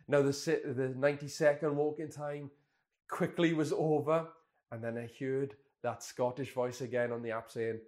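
A man's voice: mid-range voice, moderate pace, a little mellow. A man in his twenties, a pastor telling a candid, self-deprecating personal story in a sermon. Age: 20s.

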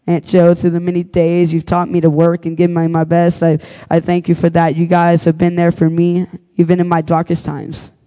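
Young guy preaching at youth service, pretty high voice, heartfelt and rising into a fired-up altar call. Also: dark tone, rough recording. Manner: emotional testimony building to impassioned altar call. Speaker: youth speaker. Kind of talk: sermon.

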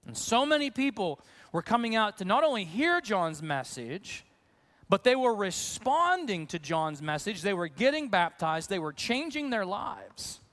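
A pastor with a high-pitched voice preaches a conversational sermon to his congregation at a measured pace. He's animated, acting out voices and questions as he goes.

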